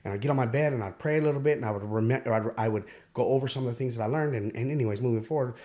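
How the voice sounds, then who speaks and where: A man telling his own life story as a podcast guest, candid and halting, with many fillers and restarts. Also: mid-range voice, dark tone. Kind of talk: personal storytelling.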